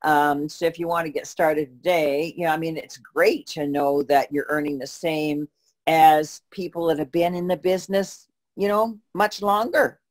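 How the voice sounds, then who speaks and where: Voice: mid-range voice, flat delivery, moderate pace. A co-host answering questions in a casual chat, explaining steadily with frequent false starts and fillers. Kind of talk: casual conversational Q&A.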